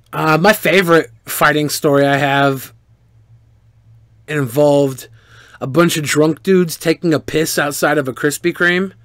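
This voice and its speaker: Animated, profane man telling stories. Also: fairly high pitch, no echo, studio quality. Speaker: streamer answering viewer questions. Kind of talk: casual storytelling.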